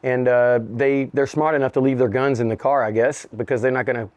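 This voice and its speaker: Here a rapper in his fifties from the US guests on an interview, speaking a little fast at medium pitch on a dry recording. His storytelling is animated and full of profanity, with frequent laughter and quotes he performs in character.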